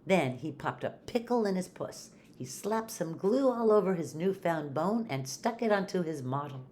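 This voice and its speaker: An older woman, a retired teacher, reading a picture book aloud to children in a friendly, animated way. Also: lowish voice, normal speed, a little hiss or hum. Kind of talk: storybook read-aloud.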